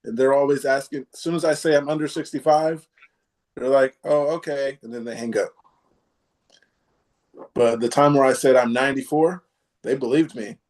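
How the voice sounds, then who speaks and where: Easygoing man, halting casual chat. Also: medium pitch, a little mellow. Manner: halting, many fillers, self-described sarcastic. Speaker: podcast host.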